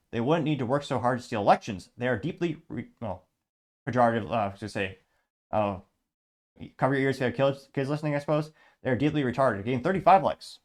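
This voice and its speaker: Guy hosting a commentary show, sarcastic, reads out comments, regular pitch. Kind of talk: casual political commentary reading comments.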